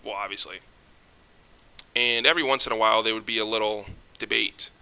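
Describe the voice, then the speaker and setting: A man's voice: lowish voice, steady tone, fairly quick, vocal fry, pushed and bright, clean tone. A young man ranting casually to camera, jittery and stumbling over his words, swearing often. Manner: swears often, rambling restarts. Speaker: vlogger.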